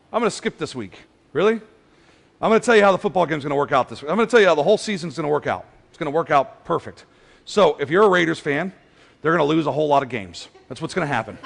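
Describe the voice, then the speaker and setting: High, gravelly-voiced man preaching. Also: a bit bright, long reverb tail. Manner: casual joking preaching with rants. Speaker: pastor. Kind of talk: sermon. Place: church hall.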